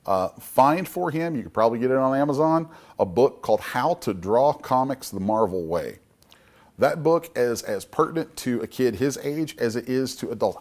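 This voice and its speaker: A man's voice: on the low side, darkish tone. A middle-aged man speaking as a guest comic book creator at a public talk, emphatic and folksy in a motivational way.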